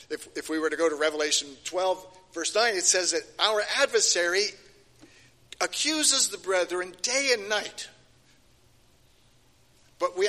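A man's voice: high-pitched, bright, forceful tone. An older man giving a sermon, emphatic and repeating key phrases, his voice rising and falling. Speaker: preacher. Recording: long hall reverb.

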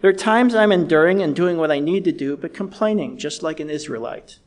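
A middle-aged man preaching a sermon in a measured, earnest way, slowing down to stress key words. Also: on the high side. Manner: measured, earnest, slows down for emphasis.

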